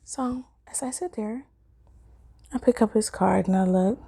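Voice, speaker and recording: A woman's voice: a little slow, vocal fry, a little hiss or hum. A woman telling a personal story in a casual vlog, acting out what people said with big jumps in her voice and frequent laughter. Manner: animated, acts out quotes with big pitch jumps, laughs often.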